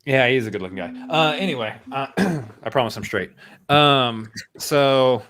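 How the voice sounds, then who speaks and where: A man co-hosting a film podcast, chatting casually in a rambling, halting way with plenty of fillers. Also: mid-range voice, fairly bright tone. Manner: rambling, halting, self-deprecating. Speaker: podcast co-host. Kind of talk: casual chat.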